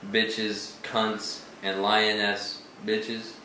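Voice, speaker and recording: A man's voice: fairly low pitch, monotone, drawn-out words, sharp tone. A man co-hosting a casual podcast chat, blunt and provocative, with dry jokes. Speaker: podcast co-host. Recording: very echoey room with faint noise.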